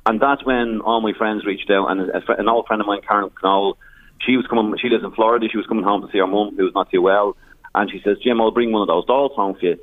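A man's voice: fairly low pitch, steady tone, fast talker, dry recording. An Irish man, a charity founder, telling stories in a radio interview with many restarts and some emotion. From Ireland. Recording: tinny phone line.

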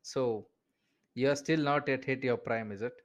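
Measured in pace and medium in pitch, a man with an Indian English accent conducts a casual podcast interview as host. He's talkative, fills gaps with "you know," and laughs between points.

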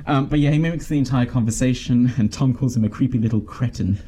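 A man hosting a casual film discussion podcast, animated and mock-outraged, laughing often. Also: mid-range voice, quick pace, husky. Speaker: podcast host.

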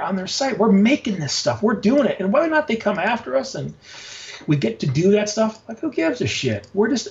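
Excitable gravelly-voiced man, rambling. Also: high voice, highs cut off. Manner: excitable, rambling, swears freely, many fillers. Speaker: guest, designer and notebook maker. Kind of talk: casual interview talk.

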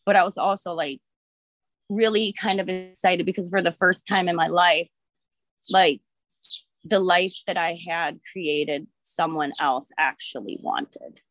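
A woman's voice: on the low side, measured pace, a bit bright, no room sound. Brief: thirties woman, loose candid storyteller, filler-heavy, dry close sound. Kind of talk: casual storytelling.

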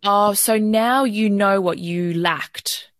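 A woman's voice: medium pitch, takes it slowly, no room sound, studio quality. A woman hosting a podcast interview, probing with short follow-up questions. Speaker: podcast host.

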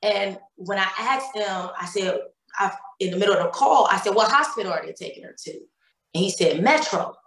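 A woman's voice: medium pitch, normal speed, fairly bright tone. Woman telling an emotional story, echoey room. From Cleveland, Ohio. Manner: emotional retelling with many repeated words and quoted dialogue. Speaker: guest. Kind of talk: personal storytelling in a podcast interview.

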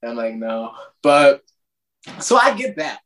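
A man's voice: medium pitch, very animated, a little slow, fairly bright tone, slight background noise. A man with an American accent talks as a guest in a casual podcast chat. He rambles with many fillers and laughs easily. His voice sits in a middle range. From Ireland.

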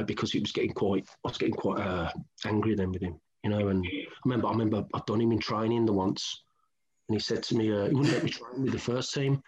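A middle-aged former footballer from England, speaking with a Birmingham accent in a lowish, slightly mellow male voice, tells candid stories in an interview. He recreates old conversations colloquially, and the recording has a dull lo-fi sound.

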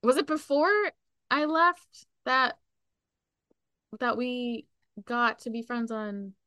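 A woman chatting casually on a podcast, telling stories in a giggly, animated way. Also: on the high side, takes it slowly, smooth, no echo, clean studio sound. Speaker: podcast co-host. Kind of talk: casual chat.

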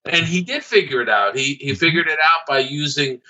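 Guy guest on a podcast, bright sharp voice, lots of uh and restarts, kinda dull muffled audio. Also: a little high, lively intonation. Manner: halting, with many fillers and restarts. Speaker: guest, former studio artist. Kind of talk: storytelling in a podcast interview.

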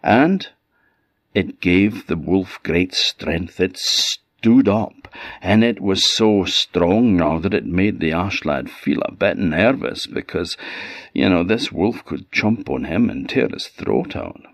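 A man with an Orcadian accent telling a folktale in an unhurried, conversational way with asides. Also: low voice, expressive, dry recording. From Orkney, Scotland. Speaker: storyteller. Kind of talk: oral folktale storytelling. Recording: slightly dull dry audio.

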